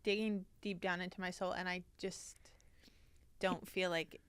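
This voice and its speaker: A woman's voice: on the low side, flat delivery, a little slow, fairly bright tone, clear, resonant tone, no room sound. A young woman hosting a casual podcast, talking in a playful, rambling way. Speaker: podcast host.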